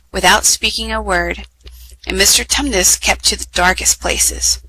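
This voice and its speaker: A woman reading children's stories aloud at a measured, clear read-aloud pace over a headset mic. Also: mid-range voice, bright, forceful tone, slight background noise, rough recording. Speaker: storyteller.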